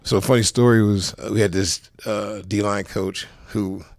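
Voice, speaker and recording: Speaking at a normal speed in a steady, lowish, creaky voice, the high school football coach from South Central Los Angeles rambles through stories as an interview guest. Fillers and street slang pepper his casual talk, and the recording is dry and studio quality.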